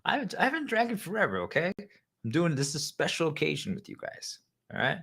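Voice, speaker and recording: A man's voice: fairly high pitch, sing-song, fairly quick, vocal fry, a bit bright, breathy edge. A man speaking straight to the listener in a role-play monologue, rambling and joking as if a little tipsy.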